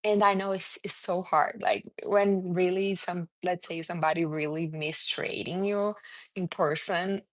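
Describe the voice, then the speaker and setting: With a Brazilian accent from her native Portuguese, this woman runs a self-esteem live stream in an earnest, casual way, calling out chat names and replying to viewers. Her usual mid-range voice leaps upward when she's animated. It's recorded up close and dead dry, without any room sound.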